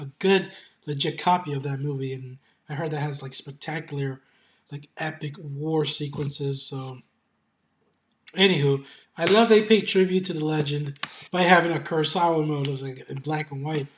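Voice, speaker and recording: An excitable game reviewer talking casually, swearing often, laughing a lot and rambling with many fillers and restarts. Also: mid-range voice, muffled recording.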